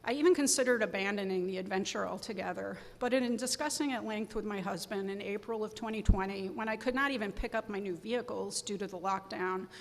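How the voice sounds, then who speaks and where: A woman giving a sermon as guest preacher, telling a personal story in an earnest, reflective way. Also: medium pitch. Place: church sanctuary. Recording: long reverb of a church sanctuary.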